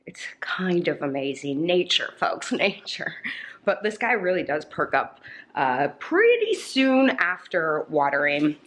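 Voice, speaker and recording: A woman's voice: on the low side, big pitch swings, unhurried, fairly bright tone, rough recording. A woman vlogging at home to a camera on a tripod, chatty with lots of ums and likes, slightly out of breath after a workout. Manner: chatty, many fillers like um and like. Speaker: lifestyle vlogger. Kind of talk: casual vlog chat to camera.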